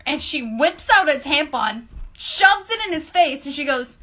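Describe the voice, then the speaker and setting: A woman with a high, bright, sharp voice tells a school story with emphatic, animated delivery. She leans hard on key words. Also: moderate pace. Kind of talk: casual storytime.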